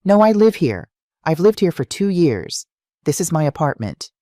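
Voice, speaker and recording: A narrator voicing a distraught young woman whose pleas come out high and urgent. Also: sing-song, normal speed, dark tone, no room sound, studio quality, natural voice. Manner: pleading, rising and urgent. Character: distraught young woman locked out of her home.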